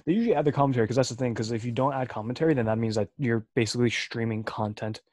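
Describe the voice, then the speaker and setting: A man's voice: medium pitch, rapid-fire, darkish tone, no echo. Laid-back young man, dry close sound. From Chinese descent, speaks Mandarin. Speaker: podcast co-host. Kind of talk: casual chat.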